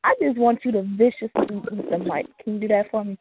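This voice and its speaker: A woman's voice: medium pitch, quick pace, a little hiss or hum. A woman hosting a casual live call-in radio show, upbeat and laughing often, using loose slang. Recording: tinny phone-like call audio.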